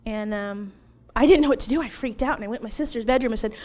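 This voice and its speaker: Animated woman telling a personal story. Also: fairly high pitch, fast. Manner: animated, laughs often, acts out her own past words. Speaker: interview guest sharing a personal testimony.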